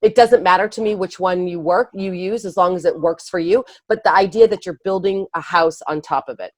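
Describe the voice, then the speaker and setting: A woman guest, an early education speaker and author, explaining her ideas in a conversational interview with quick laughs and restarts. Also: on the low side, dry recording.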